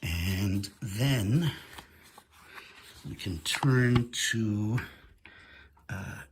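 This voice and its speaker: A man giving a careful, methodical lecture over a shared screen, pausing often with "uh". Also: on the low side, noisy background. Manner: careful, methodical, with frequent "uh" pauses. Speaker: Bible language teacher.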